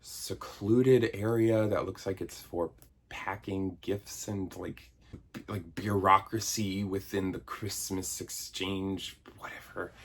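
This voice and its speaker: A man's voice: low-pitched, fairly even intonation, slow, slight background noise. A man in his thirties giving a sarcastic, exasperated comedic film review, swearing casually. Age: 30s. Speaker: video essayist reviewing a film. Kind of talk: comedic movie review rant.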